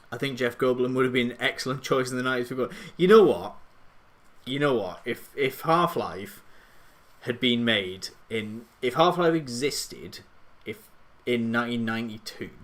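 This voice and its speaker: A man's voice: mid-range voice, fairly bright tone. A man chatting casually on a live stream, rambling and mocking himself, often trailing off.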